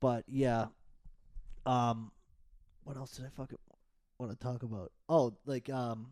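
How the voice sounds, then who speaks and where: A young man holding forth on a podcast. His voice sits in an ordinary middle pitch, and he rambles from one rant to the next, swearing freely. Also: flat delivery, unhurried, a little mellow. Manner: profane, rambling rants. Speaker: podcast co-host. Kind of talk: casual chat.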